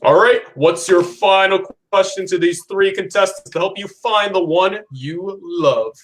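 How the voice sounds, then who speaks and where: A man's voice: sits high, a little slow, a little hiss or hum. A man playing a cheesy game show host in a comedy sketch, keeping the show moving. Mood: upbeat. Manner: upbeat emcee patter.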